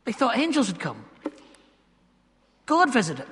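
A man, a pastor preaching a sermon in church, moving between loud emphasis and hushed, slowed asides. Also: extremely high pitch, wildly swooping pitch. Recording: long hall reverb.

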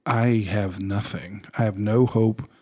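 A man's voice: fairly low pitch, steady tone, slow pace, mellow, slightly rough. A man in casual conversation on a faith podcast, thinking aloud in an earnest, reflective way. He often circles back with fillers and restarts.

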